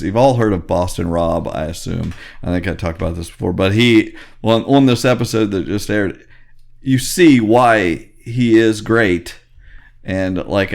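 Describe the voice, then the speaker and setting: Low-voiced rambling podcast co-host man. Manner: enthusiastic, rambling storyteller who acts out quotes. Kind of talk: casual chat.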